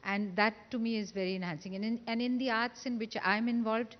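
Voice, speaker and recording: Brief: woman, measured and reflective, long hall reverb, lo-fi. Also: fairly high pitch, little pitch movement. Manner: measured, thoughtful, hesitant. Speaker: panelist.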